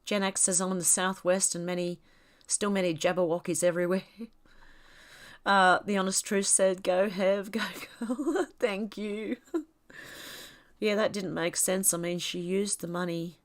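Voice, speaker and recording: A rambling, chatty Australian woman talks her viewers through their comments on a livestream. Her voice sits fairly low and sounds a little congested because she has a cold. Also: flat delivery, normal speed, pauses often. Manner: chatty, rambling, laughs often. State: stuffed-up nose from a cold. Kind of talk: casual livestream chat.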